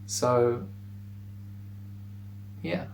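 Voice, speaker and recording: A man teaching pronunciation in a relaxed video lesson, repeating words slowly for the listener to say along. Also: slight background noise, rough recording.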